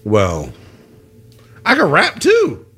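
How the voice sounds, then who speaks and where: A man's voice: fairly high pitch, very slow. A man hosting a sports radio show, joking around and signing off the night's program. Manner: playful, joking, lively delivery. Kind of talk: casual radio chat and show sign-off.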